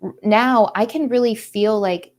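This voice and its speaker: A woman's voice: a little high, measured pace, a little mellow. A woman artist and teacher chatting casually while she paints, earnest and a little preachy as she drifts into pep talks. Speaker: artist and teacher hosting a live creative stream.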